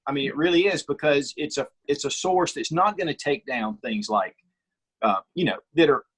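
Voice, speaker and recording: A middle-aged man, a guest on an interview, talking in an opinionated, storytelling way with a husky voice. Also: on the high side, moderate pace, fairly bright tone. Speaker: guest, firearms reviewer. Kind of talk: casual interview chat.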